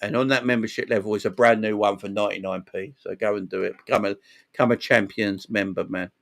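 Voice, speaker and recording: A man hosting a casual football fan livestream, excitedly shouting out viewers by name. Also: on the low side, fast talker, vocal fry. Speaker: livestream host.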